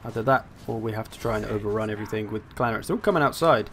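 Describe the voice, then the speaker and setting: A man's voice: fairly low pitch, very fast, fairly bright tone. A young man giving casual, wry commentary as he plays a strategy game, thinking aloud as he goes. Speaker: gaming channel host.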